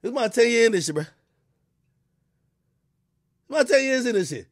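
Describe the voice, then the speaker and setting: A man giving loud, laughing reaction commentary, swinging from shouts to low mutters. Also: animated, moderate pace, no room sound, clean studio sound. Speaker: hip hop commentary streamer.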